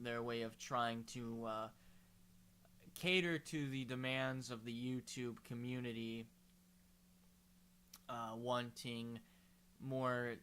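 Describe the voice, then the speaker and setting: Male YouTuber, rambling and hesitant, bright voice. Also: mid-range voice, slight background noise. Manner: rambling, hesitant, with many fillers. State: hiccuping. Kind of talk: casual vlog commentary.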